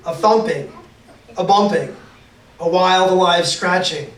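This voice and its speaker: A man's voice: sits high, slow, fairly bright tone. A man reading a picture book aloud to children, playful and full of sound effects, heard in an echoey room from a distance.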